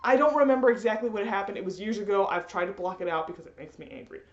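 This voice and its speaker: A woman ranting in a rambling, animated way, full of fillers, in a roomy, slightly dull recording. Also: mid-range voice, racing. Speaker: vlogger. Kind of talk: ranting commentary.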